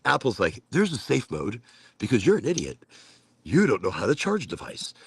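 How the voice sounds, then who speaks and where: An American man with a gravelly, creaky voice rambles through a loose, casual chat, animated and quick to curse. His voice sounds dry and close, with no room around it. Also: medium pitch, no room sound. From United States. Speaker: podcast host.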